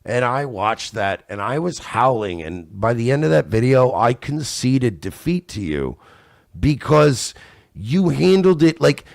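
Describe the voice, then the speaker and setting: A man chatting casually as a podcast guest, animated and fond of acting out other people. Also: medium pitch, unhurried, gravelly, no room sound, studio quality. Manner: animated, acts out others in loud voices. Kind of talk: casual chat.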